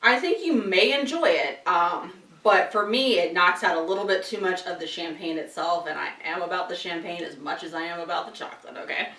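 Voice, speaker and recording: A chatty woman hosting a casual tasting vlog, talking through bites and laughing easily. Her voice sits a little low. The sound is roomy and picked up from some distance away. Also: a little fast, hardly any pauses, bright, forceful tone. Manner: chatty, talks while chewing, frequent laughs. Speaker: wine and chocolate tasting host.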